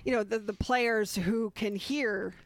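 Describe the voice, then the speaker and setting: A woman co-hosting a casual sports podcast, talking in a measured, hesitant way with many fillers. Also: medium pitch, fairly even intonation, crowd noise. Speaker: podcast co-host.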